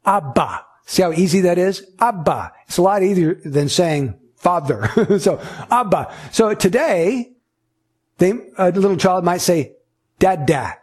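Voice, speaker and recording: Pastor, male, husky and high-pitched, earnest sermon delivery with repetitive emphasis. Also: unhurried, a little mellow.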